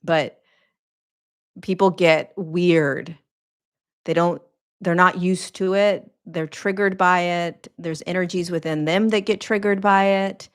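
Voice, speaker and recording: A woman's voice: on the low side, steady tone, measured pace, clear, resonant tone. A woman hosting her own podcast, speaking as a spiritual teacher in an earnest, emphatic monologue that repeats phrases for weight. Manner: earnest, repetitive, emphatic, preaching cadence.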